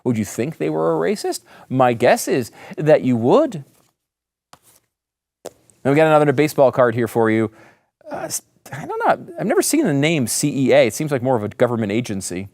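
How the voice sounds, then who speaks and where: A man's voice: mid-range voice, moderate pace, no echo. A man hosting a political commentary show, talking in a sarcastic, mocking, emphatic way. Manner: emphatic, lively delivery. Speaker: host.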